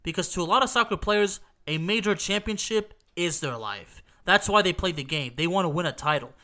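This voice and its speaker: A man's voice: high-pitched, lively intonation, a little fast, bright, forceful tone. A man retelling a football final he watched with his dad, emphatic and repetitive, swearing now and then, his voice stuffy from allergies. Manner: emphatic, repeats himself, swears, asks "okay?". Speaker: football fan recounting a match. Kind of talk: excited casual storytelling.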